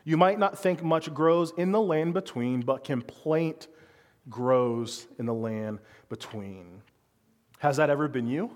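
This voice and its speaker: Male pastor, sermon, slightly higher voice, long hall reverb, conversational, rhetorical questions. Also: slow pace.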